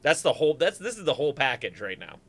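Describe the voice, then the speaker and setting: A man's voice: medium pitch, very animated, quick pace. A man from Superior, Wisconsin, a guest musician joking dryly in casual livestream chat. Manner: dry joking banter.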